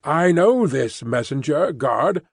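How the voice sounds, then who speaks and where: A man voicing a mild gentleman with quavering, measured speech. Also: fairly high pitch, expressive, breathy edge, no room sound, clean studio sound, exaggerated voice. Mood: uneasy.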